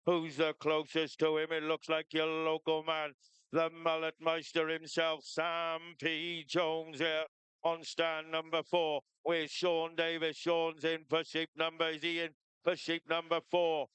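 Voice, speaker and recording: A man giving brisk, rapid-fire live commentary on a shearing competition, cheering competitors on. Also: a little high, monotone, a bit bright, clean tone, dry recording. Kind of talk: live sports commentary over a PA.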